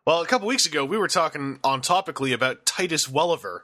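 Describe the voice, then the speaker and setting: A man's voice: fairly high pitch, lively intonation, fast, pushed and bright. A young man hosting a casual podcast chat, rambling and joking as he reads out news items and comments. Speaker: podcast host and producer.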